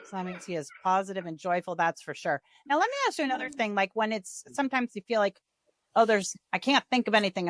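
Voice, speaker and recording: A woman hosting a podcast, with a middle-pitched voice. She talks in a chatty, animated way and acts out the voices she quotes. The sound is dry and close. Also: no room sound. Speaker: podcast host. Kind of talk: casual interview chat.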